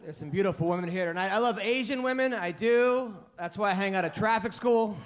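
A man's voice: sits high, a little fast. A male stand-up comic on a club stage, delivering punchy one-liners. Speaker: stand-up comedian.

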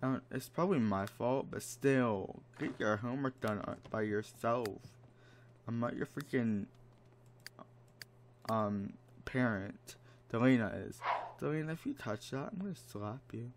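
A man's voice: mid-range voice, measured pace, slight background noise. A man giving casual commentary while playing a life-sim game, exasperated and dramatic, mock-scolding the characters. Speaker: let's play gamer. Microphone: desk microphone.

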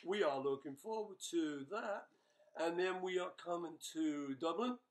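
A man's voice: on the high side, a little slow, heavy background noise. An older man, a rock musician, chatting casually with his bandmates in a webchat, joking and rambling with plenty of fillers. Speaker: rock musician answering fan questions.

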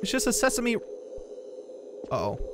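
A young man commenting on a horror game in a goofy, jokey way, with loud outbursts, over game music. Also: very high voice, wildly swooping pitch, a little slow, a little hiss or hum. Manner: goofy, jokey, breaks into shouts and silly singing. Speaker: gaming YouTuber.

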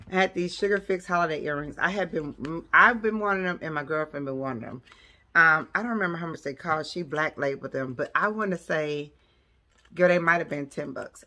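Low-voiced chatty woman. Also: bright, forceful tone. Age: 40s. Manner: chatty, addresses viewers as y'all and girl. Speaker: lifestyle vlogger. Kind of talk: casual chat to camera. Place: at home, decorating a room.

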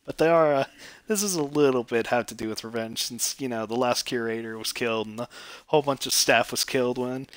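A man's voice: medium pitch, brisk, no room sound. A man streaming a game, giving crude, joking commentary full of swearing. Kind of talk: comedic gameplay commentary.

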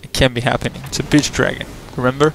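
A man giving profane, excitable commentary over his own gameplay, trash-talking opponents and breaking into laughter and yelps. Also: fast, creaky, slight background noise. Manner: frequent laughter and sudden high yelps. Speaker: gamer recording his own match.

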